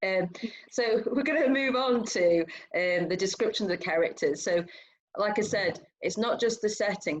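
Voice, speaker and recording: A woman's voice: lowish voice, low-quality recording. A British woman, an English teacher, leading a lesson in an informal, friendly way and handing over to colleagues. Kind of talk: recorded online lesson discussion.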